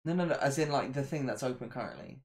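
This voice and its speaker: A man talking in casual banter from across the room, with dry, low-key teasing. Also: expressive, fast talker, a little mellow. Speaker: streamer's partner, off-mic guest. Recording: roomy echo, faint hiss, off-mic.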